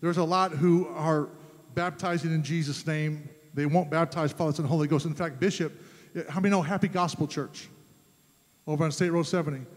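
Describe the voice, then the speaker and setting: A man preaching a sermon as pastor, emphatic, rising to loud fervent peaks. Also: on the high side, fairly even intonation, brisk. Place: church sanctuary. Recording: long church reverb.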